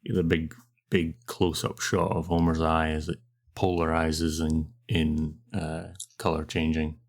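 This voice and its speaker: A man's voice: extremely low pitch, flat delivery, measured pace. A Scottish man co-hosting a podcast, laid-back and a bit sweary in casual chat. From Scotland. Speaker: podcast co-host.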